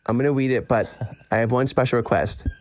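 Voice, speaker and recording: A congested man, just over an illness, chatting excitedly as a podcast guest. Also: medium pitch, fast. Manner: excitable, exclaiming. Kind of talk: casual chat.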